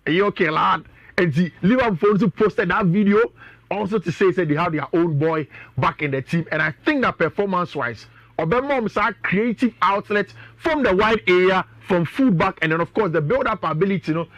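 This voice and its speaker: A man's voice: sits high, expressive, brisk, a bit bright, no room sound, lo-fi sound. A man with a Ghanaian accent, talking as a sports pundit on a radio show, chatty and often addressing his co-host.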